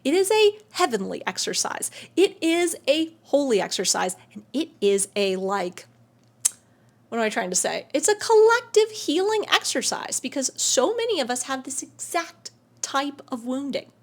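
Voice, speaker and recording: A woman hosting a spiritual self-help video, talking to camera in an air-conditioned room, emotive and swinging between soft and excited. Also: sits high, moderate pace.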